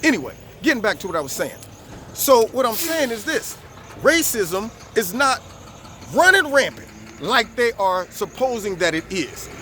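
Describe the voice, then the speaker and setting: A man hosting a vlog, giving an animated, preachy political monologue outdoors on camera. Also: sits high, moderate pace, slight background noise. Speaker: vlog host. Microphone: camera recording himself.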